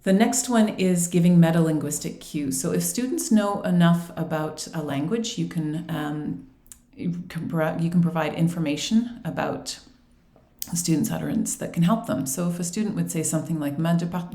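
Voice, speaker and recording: A woman's voice: lowish voice, moderate pace, dark tone. Patient teacher woman in an echoey room. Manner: clear, patient, acts out teacher and student lines. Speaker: ESL teacher trainer. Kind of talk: instructional presentation.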